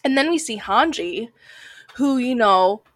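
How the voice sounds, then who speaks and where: A woman's voice: a little high, lively intonation, measured pace, no echo. A woman co-hosting a casual anime discussion podcast, chatty and full of "like" fillers, sounding a bit like a Valley girl. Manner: chatty, heavy use of "like" fillers. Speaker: podcast co-host.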